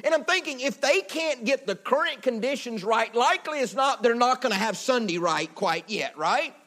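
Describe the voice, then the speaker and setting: High-voiced man preaching a dramatic sermon. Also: animated, normal speed. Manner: dramatic preaching, swinging from loud to hushed; folksy asides to the congregation. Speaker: pastor. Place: church building.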